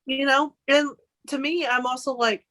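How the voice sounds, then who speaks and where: A woman's voice: high-pitched, steady tone, moderate pace, sharp tone. A young woman from Arkansas, a podcast guest, speaking earnestly in a casual, conversational way. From Arkansas, United States. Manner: earnest, with frequent "like" and "um" fillers.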